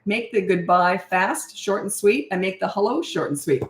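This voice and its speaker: A middle-aged woman who coaches parents, answering viewer questions in a breezy, matter-of-fact way and acting out parent lines in a bright sing-song. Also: on the low side, animated, fairly quick, hardly any pauses. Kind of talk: casual Q&A livestream. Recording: echoey room.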